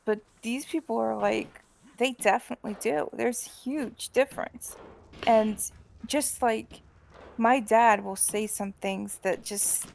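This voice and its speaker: A woman's voice: on the high side, creaky, a little mellow, slight background noise. A woman from a small Midwestern town chatting casually, hesitant and full of fillers. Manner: hesitant, filler-heavy talk. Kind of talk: casual chat.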